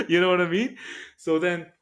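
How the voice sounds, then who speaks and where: A man's voice: high-pitched, unhurried. Profane New man telling a story. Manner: profane, streetwise, animated storytelling. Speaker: podcast guest. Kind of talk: casual storytelling.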